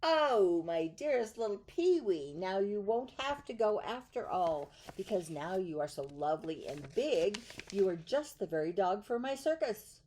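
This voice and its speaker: A woman playing a soft-hearted circus owner man, storybook figure, raised voice, exclaiming. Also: medium pitch, expressive, measured pace, a little hiss or hum, close to an everyday voice. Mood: overjoyed.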